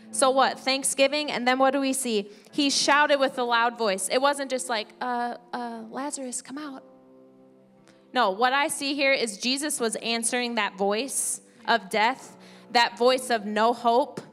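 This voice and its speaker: A woman's voice: on the high side, a little slow. A woman pastor preaching a sermon, reading scripture aloud and explaining it conversationally. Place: church sanctuary. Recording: church hall reverb with soft music.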